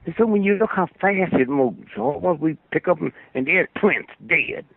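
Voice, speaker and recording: A gravelly, fairly high-pitched older man holds forth as a guest on a phone-line radio call, telling long, rambling, preachy stories and prompting agreement with "Hmm?" He speaks at a moderate pace with lively intonation, and no room sound is audible.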